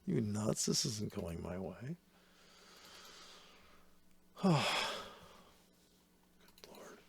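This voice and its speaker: A man's voice: lowish voice, sing-song, very slow, vocal fry, a little mellow, breathy edge. A man giving casual, profane and sarcastic commentary while trading live.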